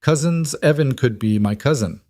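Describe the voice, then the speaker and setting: A man's voice: medium pitch, animated, normal speed, warm tone, pitched above the performer's own voice, close to an everyday voice. A man voicing a determined, caring young girl who speaks earnestly and firmly. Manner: earnest, firm.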